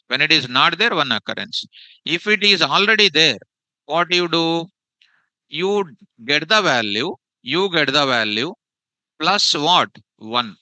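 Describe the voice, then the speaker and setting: A man's voice: on the high side, pushed and bright, no echo, low-quality recording. A man teaching a live programming class, repeating phrases and quizzing his students with "what?" prompts.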